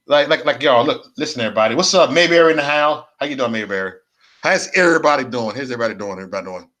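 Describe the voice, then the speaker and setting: A man's voice: mid-range voice, lively intonation, rapid-fire, pushed and bright. A man hosting a casual livestream rant, rambling and repeating himself in slangy, profane street talk. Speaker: livestream host.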